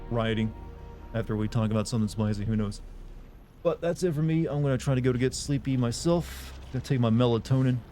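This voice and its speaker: A man's voice: mid-range voice, warm tone. A man streaming a game live, chatting casually with his viewers in a sleepy, rambling way and often breaking off mid-sentence. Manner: rambling, self-interrupting, chatty. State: sleepy, yawning.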